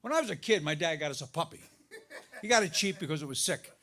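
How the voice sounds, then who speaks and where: A middle-aged man doing a stand-up comedy set, telling stories about his marriage, his voice jumping up high for the punchlines. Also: quick pace. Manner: animated storytelling, voice jumps up for punchlines. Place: live comedy venue with audience laughter.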